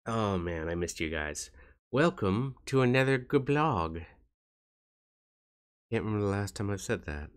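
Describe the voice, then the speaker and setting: A man chatting on his vlog in a joking, rambling and self-mocking way. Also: fairly low pitch. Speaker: YouTuber. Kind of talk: casual vlog chat.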